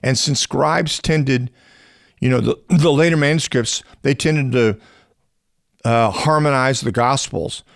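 On a podcast, a biblical scholar with a gravelly voice explains his subject conversationally, restarting phrases often and slowing down to clarify. When emphasizing a point he becomes animated and his pitch rises. The sound is dry and studio quality.

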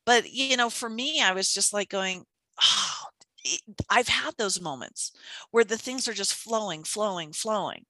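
A woman's voice: mid-range voice, measured pace, no room sound. A woman in casual conversation, telling stories animatedly and acting out quotes. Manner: animated, storytelling with acted-out quotes. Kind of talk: casual chat.

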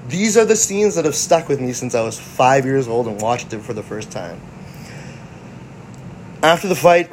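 A man casually recapping a film in a mid-pitched voice. He rambles, backtracks and corrects himself, with faint air conditioning humming in the background. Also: slight background noise. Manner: rambling, self-correcting, fannish. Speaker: host.

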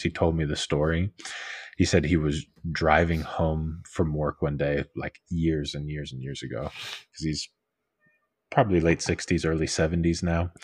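Very deep, husky-voiced man. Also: no echo. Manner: rambling storyteller, many fillers. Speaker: podcast co-host. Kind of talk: casual faith discussion.

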